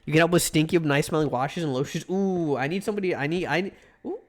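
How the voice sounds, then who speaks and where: A man's voice: a little high, fast talker. A man streaming a video game live, giving casual commentary, joking and swearing as he talks back to the game.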